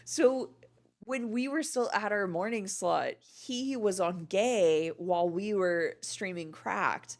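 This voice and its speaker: Woman co-host, mid-pitched, blunt, foul-mouthed, animated gossip on a live stream. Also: slow pace. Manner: blunt, swears freely, animated storyteller. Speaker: livestream co-host. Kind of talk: casual chat.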